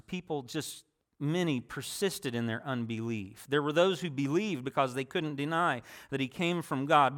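A man's voice: fairly high pitch, a bit bright. A man preaching a sermon, reading scripture aloud and explaining it, with rising emphasis on the quoted words.

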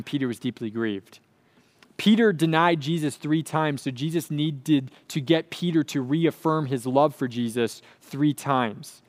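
Earnest, emphatic male preacher, higher voice. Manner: earnest, emphatic, repeats key phrases. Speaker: pastor. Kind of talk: sermon.

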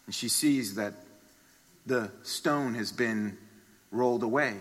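A man preaching a sermon, telling a story dramatically and swinging from hushed passages to loud ones. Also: mid-range voice, slow. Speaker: pastor. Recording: long reverb of a large hall.

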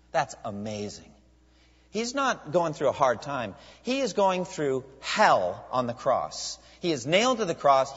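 A man preaching a sermon as a pastor, animated, with many rhetorical questions. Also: fairly high pitch, husky. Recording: dull lo-fi sound with long hall reverb.

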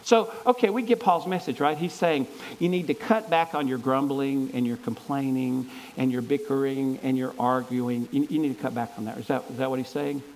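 A man's voice: mid-range voice, fairly even intonation, moderate pace, hardly any pauses, a little mellow, a little hiss or hum, rough recording. A man preaching a sermon in an earnest, conversational way, stumbling and restarting as he reads and explains scripture. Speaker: pastor.

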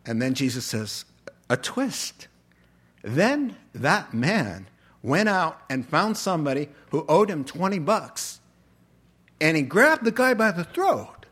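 A man preaching a sermon, telling a story and acting out the characters' lines with animated delivery. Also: a little high, measured pace, breathy edge. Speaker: pastor.

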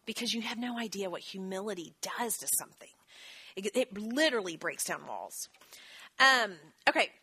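A woman, teaching a church marriage class in a chatty, self-deprecating way with quick asides. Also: mid-range voice, expressive, pushed and bright, slightly rough. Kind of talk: teaching talk with scripture.

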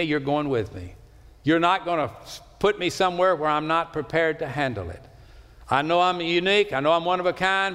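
A pastor delivers a sermon to his congregation, climbing into loud, high calls before dropping low and quiet. He slows down to stretch out key words, and the long reverb of a large sanctuary carries his voice.

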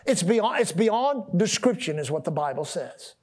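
In a husky, high-pitched voice at moderate speed, a pastor gives an animated sermon, asking the congregation call-and-response questions. He repeats and restarts words as he develops each point, his volume climbing and dropping.

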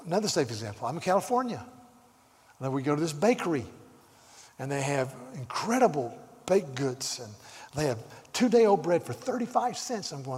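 An older man from the South, preaching a sermon as a pastor and moving from quiet storytelling asides to loud, emphatic scripture reading. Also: a little high, very animated, normal speed. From Southern United States. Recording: long reverb of a large hall.

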